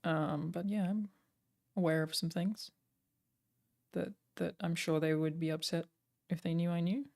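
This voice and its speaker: A young woman who streams and writes games chats casually on a live stream, answering viewers' questions with lots of fillers like "um" and "like." Her voice is on the low side, gravelly and darkish, with fairly even intonation and a measured pace.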